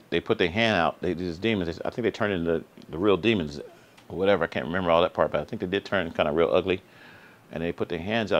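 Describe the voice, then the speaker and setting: Low-voiced man telling a story earnestly. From Sacramento area. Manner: earnest, repetitive, slangy, voice climbs high when excited. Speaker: vlog host. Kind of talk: casual personal storytelling.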